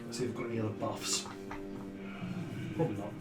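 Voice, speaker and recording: Brief: male player, casual, halting restarts, roomy sound with music behind. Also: lowish voice, steady tone. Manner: stammering restarts, playful quips. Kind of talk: tabletop game chat.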